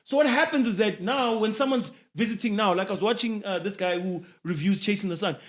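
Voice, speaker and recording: A young man, co-hosting a casual sports podcast in an animated, slangy way, often talking over the others. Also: sits high, brisk. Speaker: podcast co-host.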